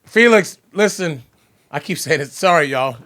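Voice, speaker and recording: A man as a podcast guest, bantering in a playful, excitable way. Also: fairly high pitch, moderate pace. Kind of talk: casual banter.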